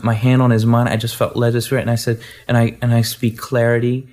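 A man's voice: medium pitch, level tone, fast talker, a little mellow. A man, a guest minister, telling a testimony story in a rambling way, full of restarts and asides.

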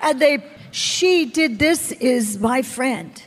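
A woman with a high voice preaches her testimony slowly and theatrically, shouting some lines and whispering others as she acts out the scene. Her voice rings with the long reverb of a large hall. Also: lively intonation. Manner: dramatic storytelling, acting out voices, shouting and whispering by turns. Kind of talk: testimony sermon. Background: audience.

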